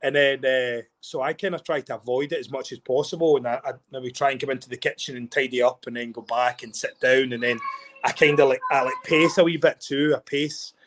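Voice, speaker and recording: A Scottish man, a former rugby player, chatting as a guest, excitable and animated, often repeating and restarting words. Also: medium pitch, a little fast, slight background noise. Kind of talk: casual chat.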